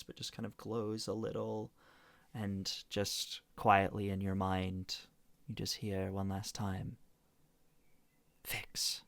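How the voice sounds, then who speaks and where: Bright-voiced man running a tabletop game. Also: fairly low pitch, vocal fry, no room sound. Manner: soft, hesitant narration with many fillers. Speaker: game master. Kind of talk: narrating a tabletop game, then casual chat.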